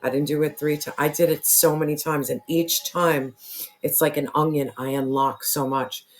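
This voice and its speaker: A tarot reader losing their voice, who keeps clearing their throat and talks earnestly and repetitively straight to the viewer. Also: medium pitch, steady tone, moderate pace. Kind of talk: casual spiritual tarot reading to camera.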